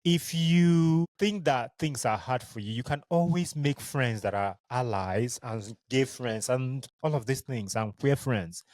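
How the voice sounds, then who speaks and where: A man's voice: medium pitch, measured pace, hardly any pauses, a little mellow, no echo. A man with a Nigerian accent, a native Igbo speaker, hosting a solo podcast in an earnest, heartfelt way and speaking tenderly to his listeners. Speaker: podcast host.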